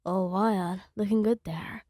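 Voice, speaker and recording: A woman voicing a smug, teasing teenage boy in a fan audio story, with a lowered voice. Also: fairly even intonation, takes it slowly, mellow, no echo, clean studio sound. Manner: mocking, playful teasing.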